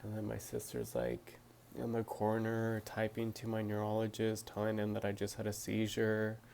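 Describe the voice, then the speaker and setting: A man's voice: lowish voice, moderate pace, vocal fry, darkish tone, a little hiss or hum. A young man answering viewer questions to his phone camera, talking hesitantly with lots of fillers and restarts. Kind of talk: casual talk to camera.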